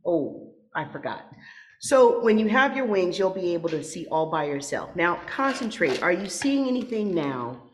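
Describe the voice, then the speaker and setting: Lady doing a patient old angel boss, lowish and steady, radio play. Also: normal speed. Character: calm senior angel, patient and commanding.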